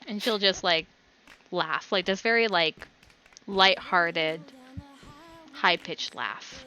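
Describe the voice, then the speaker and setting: A woman's voice: on the low side, takes it slowly, pushed and bright. A woman game master narrating a tabletop game in a casual, filler-heavy way.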